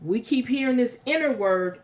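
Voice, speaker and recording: A woman giving a spiritual oracle card reading to her viewers, repeating phrases in a soft, unhurried way. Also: fairly high pitch, lively intonation, a little hiss or hum.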